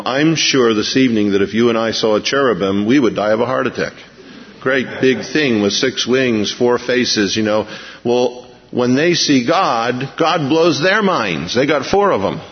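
A man preaching a conversational Bible-teaching sermon, folksy and animated, chuckling as he retells the story. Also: on the low side. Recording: muffled radio broadcast with long reverb.

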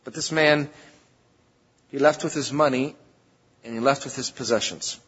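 Husky-voiced pastor preaching in a reverberant church. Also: male voice, mid-range voice, fairly even intonation, normal speed, fairly bright tone. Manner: emphatic, conversational preaching with sudden rises. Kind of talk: sermon. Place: church sanctuary. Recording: dull lo-fi church recording with long reverb.

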